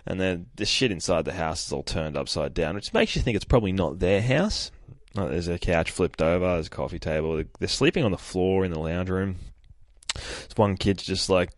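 A man's voice: deep voice, expressive, a little fast, no room sound, clean studio sound. A man hosting a podcast, casually retelling a comic with frequent swearing and laughter. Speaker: podcast host. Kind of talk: casual comic book review.

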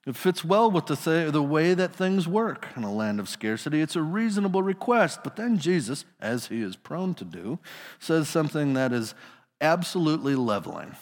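A man's voice: on the high side, sing-song, moderate pace, long reverb tail. A male pastor preaching a sermon in a casual storytelling manner, putting his listeners into the scene.

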